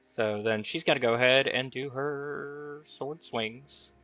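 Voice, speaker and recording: A man's voice: medium pitch, fairly even intonation, slow pace, pushed and bright, muffled recording, faint music behind. A man running a tabletop game as dungeon master, thinking aloud over the rules with fillers.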